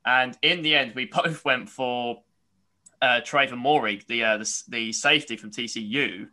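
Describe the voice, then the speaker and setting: A man hosting a casual sports podcast, halting and restarting his sentences often. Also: medium pitch, sharp tone. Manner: halting, restarts with repeated "I mean". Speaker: podcast host.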